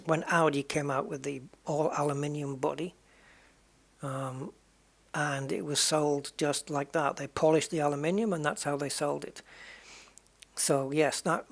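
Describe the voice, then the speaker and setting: A man's voice: a little high, vocal fry, slightly rough. A man streaming a racing game, musing aloud and chatting to viewers with jokey asides. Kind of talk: casual live-stream chat.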